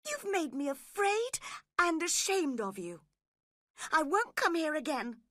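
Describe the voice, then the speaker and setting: A woman voicing a polite, gentle young gentleman with a courteous, soft-spoken manner. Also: sits high, sing-song, a little slow, no echo, studio quality, voice pushed up, heavily acted. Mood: hurt. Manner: polite, pleading.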